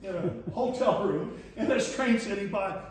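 A fairly high-voiced man preaching a leadership lesson, spinning stories with a folksy chuckle and playing out each character's lines. He is picked up from some distance across a very echoey church room, with a faint hum of ambience underneath. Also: animated, unhurried. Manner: folksy, chuckling storyteller voicing dialogue. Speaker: pastor teaching leadership. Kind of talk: storytelling sermon lesson. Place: church hall.

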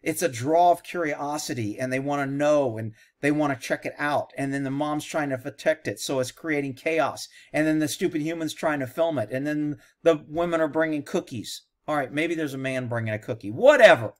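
A man's voice: a little high, moderate pace, hardly any pauses. A man, a horse trainer, giving blunt, sarcastic reaction commentary over a video.

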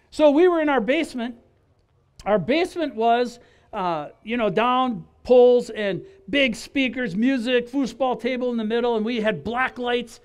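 A man from Wisconsin giving his personal testimony in an animated storytelling style, acting out dialogue and restarting his phrases often. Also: very high-pitched, normal speed, clear, resonant tone. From Wisconsin, USA.

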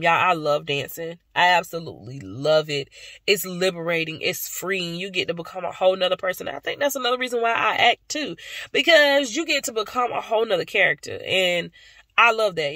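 A woman's voice: on the low side, sharp tone, dry recording. A young woman vlogging casually to her viewers, chatty and affectionate, tired after a day of work. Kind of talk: casual vlog chat to viewers.

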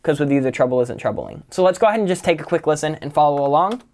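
A man's voice: a little high, expressive, racing, darkish tone. A man teaching songwriting, casually walking through a song's lyrics line by line and explaining its rhymes and syllable structure. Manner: analytical, breaks lyrics down line by line; casual, uses "kind of" and "right?" often. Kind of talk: lyric-writing tutorial.

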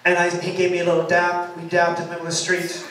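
A high-voiced man tells an animated story to a crowd at a loft party, acting out every line of the exchange. He sounds set back from the mic, and the room rings with a heavy echo. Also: quick pace, very noisy. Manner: animated, dramatic retelling with quoted shouts. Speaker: singer telling a story before his song. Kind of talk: storytelling to a live audience. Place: party loft at a bookshop, live event. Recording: roomy, distant live-venue mic.

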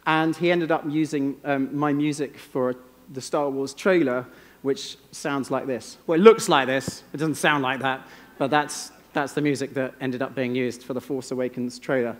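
English man, keynote speaker, dry self-mocking stories, slightly high voice, long hall echo. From England. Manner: wry, self-deprecating storytelling. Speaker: conference speaker. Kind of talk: keynote talk. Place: conference stage. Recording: long reverb of a large hall.

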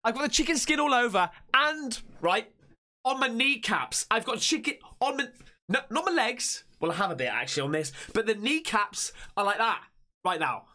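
Jumpy, animated man reacting. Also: very high-pitched, normal speed. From England. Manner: jumpy, swears a lot, shouts when startled. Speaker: reaction video host. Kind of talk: excitable reaction commentary.

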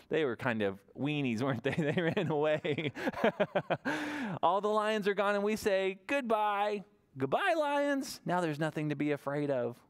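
Animated male children's librarian. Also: fairly high pitch, clean tone. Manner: animated, sing-song voice for small children. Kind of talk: virtual toddler story time.

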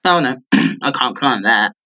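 A young man giving live commentary on his own gameplay, clearing his throat often and breaking into excited outbursts. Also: medium pitch, unhurried, lo-fi sound. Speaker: gamer streamer.

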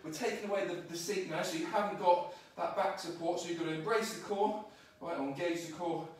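High-voiced man coaching a workout, echoey. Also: fairly even intonation, a little fast. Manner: upbeat, coaching, counts reps aloud. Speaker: fitness trainer. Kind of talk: live workout instruction. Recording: echoey room, mic far off.

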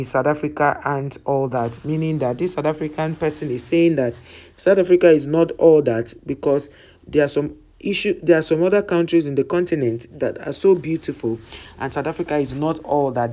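A host talks casually through a list of viewer comments. Each comment is read aloud and then explained in plain, chatty terms. The voice sits at a middle pitch. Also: normal speed, a little mellow. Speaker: travel channel host.

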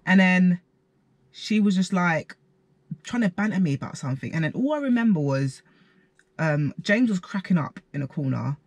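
A young man tells a personal story to camera in a loose, slang-heavy way. His voice sits a little high and has a husky grain, and the sound is close and dry. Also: animated, moderate pace, no room sound. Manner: slangy, chatty retelling with quoted asides. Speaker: vlogger. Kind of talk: casual storytime.

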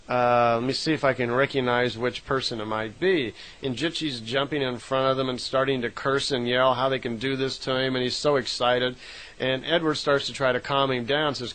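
Middle-aged man, informal storyteller, mid-pitched, loose delivery with fillers and self-corrections. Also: poor audio. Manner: relaxed retelling with frequent fillers and self-corrections. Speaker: lecturer retelling a contact story. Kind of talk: casual spoken storytelling.

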